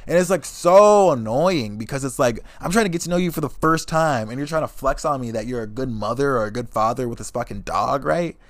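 A young man ranting about his dates with lots of swearing and a lively voice that swings up and down. He sits close to the mic, and the sound is dry and plain. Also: mid-range voice, fairly quick, few pauses, dry recording. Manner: animated, swears constantly, laughs mid-story. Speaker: vlogger. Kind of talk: profane comedic storytelling rant.

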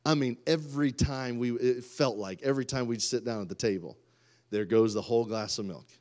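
A man, preaching a sermon and swinging from loud outbursts to quiet asides. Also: mid-range voice, fairly quick. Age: 30s. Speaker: pastor.

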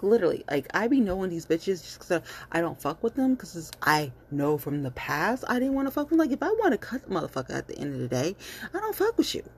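A woman vlogger with a low voice rants bluntly and heatedly in casual commentary, cursing freely. She repeats herself and uses lots of fillers, with slight background noise present.

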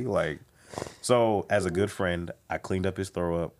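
A man's voice: low voice, a little slow, slight background noise. A young man, a comedian, telling a story in casual chat and acting out the voices of the people in it. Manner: animated, acts out quoted voices. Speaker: guest comedian.

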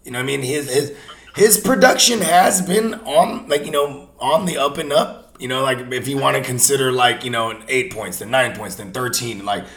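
A man hosting a casual sports podcast, animated and slangy, swearing freely and talking himself into little comic bits. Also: mid-range voice, moderate pace, reverberant. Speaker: podcast host.

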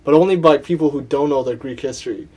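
A man's voice: fairly high pitch, quick pace, a little mellow. A young man in casual chat as a podcast co-host, teasing his friend, laughing often and stumbling over words as he reads aloud.

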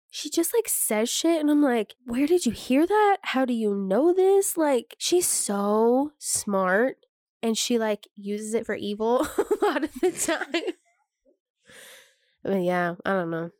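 A woman's voice: on the high side, lively intonation, slow, a little mellow, no echo, studio quality. A young woman co-hosting a podcast, talking casually, laughing often and swearing now and then. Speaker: podcast co-host. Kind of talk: casual chat.

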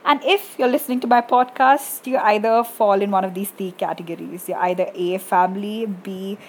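A young woman hosting her own podcast in a squeaky voice, rambling and self-deprecating with lots of fillers. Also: darkish tone, slight background noise. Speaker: podcast host. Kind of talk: casual solo podcast monologue.

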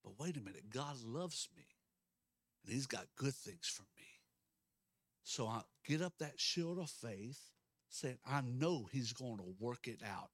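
Fervent pastor, emphatic sermon. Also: male voice, mid-range voice, lively intonation, a little slow, long pauses, no echo, studio quality. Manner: emphatic, swings between loud declarations and soft asides. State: out of breath.

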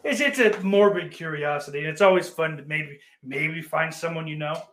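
Male streamer, sarcastic profane ranter, slightly high voice, roomy echo. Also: normal speed. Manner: sarcastic, profane, bursts into mocking yells. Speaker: streamer reading chat comments. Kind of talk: casual crude rant.

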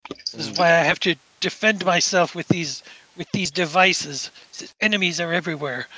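A man's voice: high-pitched, normal speed, bright, forceful tone, dry recording, low-quality recording. A man putting on a jittery paranoid inventor. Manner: stammering, flustered. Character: nervous, paranoid male inventor.

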